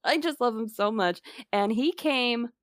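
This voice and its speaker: A woman co-hosting a podcast, chatting casually about movies, bubbly and quick to laugh. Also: a little high, no room sound, studio quality. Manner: bubbly, laughs often, animated. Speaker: podcast co-host. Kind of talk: casual movie review chat.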